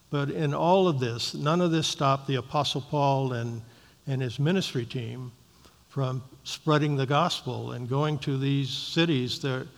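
Gravelly man teaching in a reverberant hall. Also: medium pitch. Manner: measured, explanatory, frequent um and uh fillers. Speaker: Bible teacher. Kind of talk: Bible study teaching with scripture reading.

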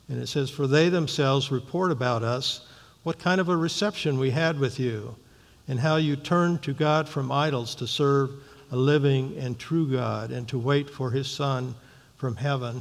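A man leading a Bible study, reading scripture aloud and then explaining it in a measured way, with frequent ums and uhs. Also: mid-range voice, vocal fry. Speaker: Bible teacher. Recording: long reverberant hall.

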